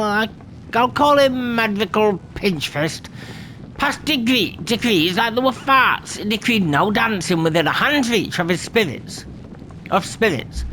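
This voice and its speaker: A tipsy old sailor, put on by a man reading game dialogue aloud rambles through a yarn in rough sailor's slang and keeps tripping over his words. His voice rides high and swings widely. The tone is bright and sharp. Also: a little hiss or hum, exaggerated voice, rough recording.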